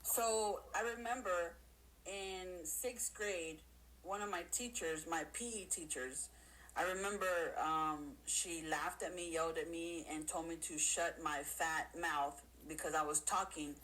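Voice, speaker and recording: A woman's voice: lowish voice, fairly even intonation, measured pace, a bit bright, a little hiss or hum, poor audio. A woman giving motivational advice in a folksy, streetwise way, often acting out the people she talks about. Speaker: guest speaker. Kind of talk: motivational talk on a live stream.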